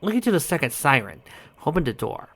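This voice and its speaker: A man's voice: fairly high pitch, sing-song, fast, fairly bright tone. A man reading a fan story aloud, often stumbling over a word and correcting himself. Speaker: audiobook reader.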